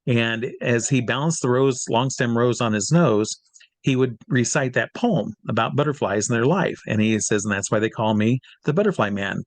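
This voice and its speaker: A man from Iowa telling a long personal anecdote as an interview guest, lively, his voice jumping high when he reenacts scenes. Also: moderate pace, dry recording. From Iowa, USA. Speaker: interview guest, hypnotist and magician.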